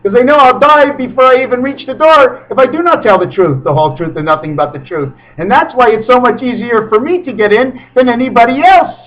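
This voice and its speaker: A man talking in a rambling spiritual monologue to his webcam, his pitch swinging suddenly between high and low. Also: animated, a little fast, few pauses. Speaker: webcam video maker. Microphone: webcam microphone. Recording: dull lo-fi webcam audio.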